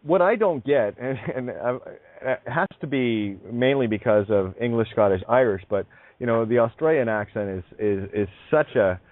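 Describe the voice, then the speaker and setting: A man's voice: medium pitch, normal speed, no echo. A man hosting a casual radio chat, rambling and musing, often dropping into mock accents. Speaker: host. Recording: dry tinny phone-like line.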